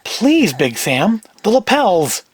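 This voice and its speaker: A man's voice: high voice, sing-song, slow, husky, full character voice. A man voicing a small, nervous male gambling fixer from New York in a cold-read of a script; he pleads in a jittery, wordy way. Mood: pleading.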